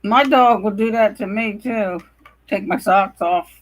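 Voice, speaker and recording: A woman co-hosting a casual livestream chat over a video call, talking in a relaxed, easygoing way. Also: medium pitch, unhurried, low-quality recording.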